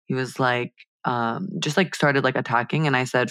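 A woman's voice: rumbling low, steady tone, normal speed, few pauses, a bit bright, no echo. A young woman co-hosting a podcast, telling a heated story in casual chat, full of "like" fillers. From Miami. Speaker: podcast co-host.

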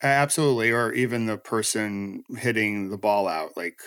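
A man from the United States hosts a podcast interview with a reflective, earnest manner. His voice sits fairly low and sounds close and dry, with no room around it. He builds ideas in long, flowing turns. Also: fairly even intonation, moderate pace, fairly bright tone, clean tone, no echo. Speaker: podcast host. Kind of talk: conversational interview.

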